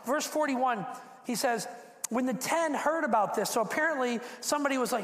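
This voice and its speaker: A man preaching a sermon as pastor, animated, acting out quotes and repeating words as he builds. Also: extremely high pitch, fairly quick. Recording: echoey hall.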